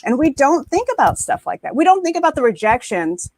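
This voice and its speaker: A woman's voice: high voice, sing-song, brisk, a little mellow, no echo. A woman on a panel, talking with emphasis and repeating words for stress, heard over a video call. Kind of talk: animated panel discussion.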